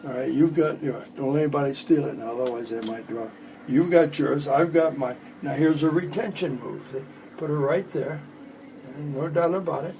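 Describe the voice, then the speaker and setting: Warm in tone and fairly high in pitch, this man in his eighties speaks at an ordinary speed with slight background noise on a low-quality recording. He's a magician having a casual chat at home, joking and wandering through stories between tricks.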